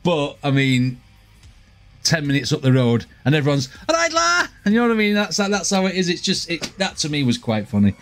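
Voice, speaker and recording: A man's voice: on the high side, expressive, brisk, faint music behind. Chatty man reacting. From near St Helens, Merseyside. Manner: chatty, laughing, swears, repeats himself. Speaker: reaction video host. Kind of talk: casual reaction commentary.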